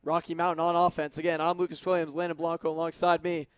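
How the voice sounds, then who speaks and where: A young man calling football play-by-play on college radio, brisk and detailed about formations and yardage. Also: fairly high pitch, level tone, clean tone, no echo, clean studio sound. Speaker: play-by-play announcer. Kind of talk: radio sports commentary.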